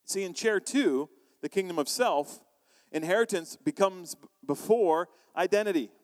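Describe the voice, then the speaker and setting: A man preaching a sermon as pastor, animated, acting out quoted voices and asking the congregation questions. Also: sits high, moderate pace, big-room sound.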